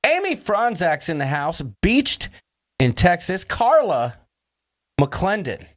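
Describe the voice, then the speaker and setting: A man's voice: sits high, very animated, slow, a bit bright. A man hosting a casual livestream chat, jokey and upbeat, reading out viewers' names and throwing in puns. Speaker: host.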